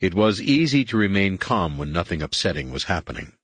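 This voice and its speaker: A man narrating a novel in a measured, dramatic way. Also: low voice, sing-song, fairly bright tone, husky, dry recording. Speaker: audiobook narrator. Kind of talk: scripted narration.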